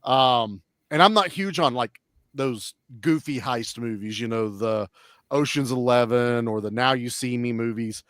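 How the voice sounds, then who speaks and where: A man in casual chat, reviewing a film with blunt, profane and animated talk. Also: medium pitch, unhurried, dry recording, studio quality.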